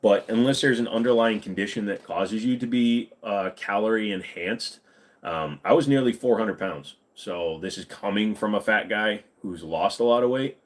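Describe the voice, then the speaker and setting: A man's voice: lowish voice, moderate pace. A man in his forties hosting a livestream, chatting casually with viewers in a blunt, profane, rambling way and sounding tired. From United States. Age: 40s. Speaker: livestream host. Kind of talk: casual livestream chat answering viewer comments.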